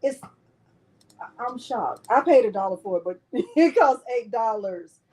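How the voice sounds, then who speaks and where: A woman's voice: fairly high pitch, expressive, unhurried, dark tone. A woman hosting a live crafting stream, chatting with her viewers in a playful, self-mocking way. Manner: chatty, talks straight to viewers. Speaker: crafting channel host.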